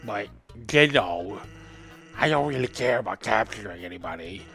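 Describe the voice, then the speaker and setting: A man's voice: lowish voice, normal speed, vocal fry, faint music behind, voice pushed down. A man voicing a lazy, laid-back skeleton who jokes easily. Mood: easygoing. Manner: relaxed, joking, easygoing.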